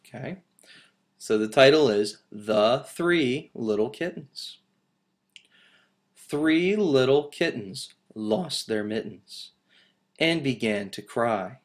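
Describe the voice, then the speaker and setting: A man teaching kindergarten, reading stories and rhymes aloud to young children in a gentle, encouraging way. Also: medium pitch. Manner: gentle, encouraging, slow and expressive.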